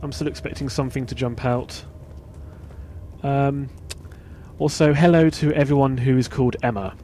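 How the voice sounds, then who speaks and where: A man's voice: mid-range voice, fairly even intonation, moderate pace, dark tone, a little hiss or hum. A man hosting a let's play, giving casual gameplay commentary and muttering asides to himself.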